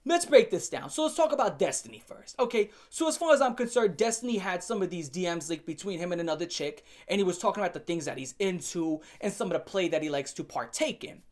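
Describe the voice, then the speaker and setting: A woman hosting an opinion rant to camera, blunt and profane with a sarcastic edge, pushing her points with sharp jumps in pitch and loudness. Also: expressive, quick pace, few pauses. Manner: emphatic, swings up and down in pitch and loudness. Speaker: commentary channel host.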